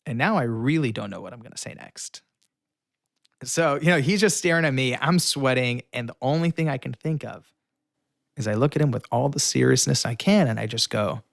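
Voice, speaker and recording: A young man tells a story as an interview guest, animated and quick to act out the voices of the people in it. His voice sits at a middle pitch. The sound is dry and close, with no room around it. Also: vocal fry, no echo. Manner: animated storyteller, acts out quoted lines.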